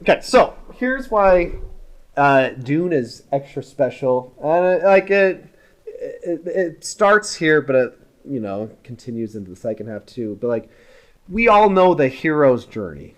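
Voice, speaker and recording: A man co-hosting a film podcast, talking in an animated, chatty way and jumping between thoughts. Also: a little high, measured pace. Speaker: podcast co-host. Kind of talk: casual film discussion.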